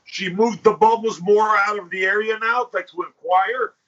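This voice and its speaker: A man on a podcast, telling a crude story in a casual and animated way, swearing and acting out what people said. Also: high voice, moderate pace. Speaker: podcast host. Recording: dull lo-fi podcast audio.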